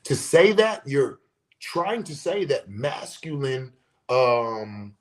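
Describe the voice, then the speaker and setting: A man's voice: medium pitch, sing-song, slow. A man hosting a podcast, delivering a profane, emphatic monologue and talking with his hands. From United States. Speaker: podcast host. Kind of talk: casual monologue rant.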